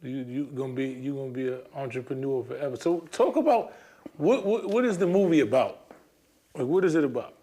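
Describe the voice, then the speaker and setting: Calm, reflective male interviewer. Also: medium pitch, brisk, slightly rough. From United States. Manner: calm, agreeing, reflective short remarks. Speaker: host. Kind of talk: casual interview.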